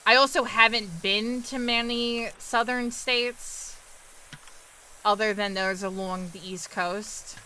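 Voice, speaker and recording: A woman's voice: on the high side, steady tone, slow, pushed and bright, slight background noise, low-quality recording. A young woman with a New York accent, chatting casually with her viewers while she plays a game and answers their questions. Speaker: streamer. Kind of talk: casual chat with live chat while gaming.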